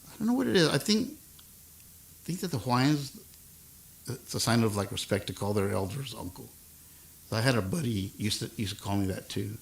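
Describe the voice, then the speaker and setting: Gravelly older man chatting softly. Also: fairly low pitch, animated, moderate pace, long pauses. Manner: rambling, chatty, soft-spoken. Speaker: live-stream musician. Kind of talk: casual chat with viewers between songs. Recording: acoustic guitar music behind the voice.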